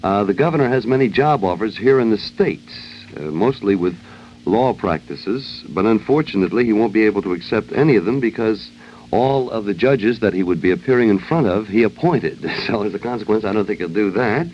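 A radio host with a lowish voice speaks fairly quickly and with animation, ad-libbing a wry, joking comic monologue. It's an old broadcast, dull and lo-fi with faint hiss.

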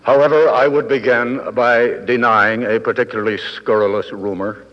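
A man in his fifties giving a formal convention speech with dry wit and measured, deliberate pauses. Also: mid-range voice, steady tone. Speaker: guest speaker at a convention. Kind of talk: formal after-dinner speech. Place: large hotel ballroom. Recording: old 1960s broadcast recording, dull, with long hall reverb.

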